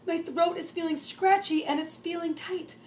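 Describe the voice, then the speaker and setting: A woman voicing a loud, proud little girl, shouting and dramatic in a storybook reading. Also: extremely high pitch, steady tone, moderate pace, a little hiss or hum, voice pushed up. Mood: dismayed. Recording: roomy echo.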